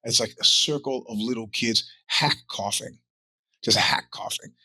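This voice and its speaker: A middle-aged man hosts his own show while sick with a cold. His voice is husky but bright and cutting. He tells rambling, profane stories in a dry, close recording. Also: mid-range voice, measured pace, dry recording. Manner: rambling, profane storytelling with acted-out quotes. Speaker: podcast host. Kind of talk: casual monologue.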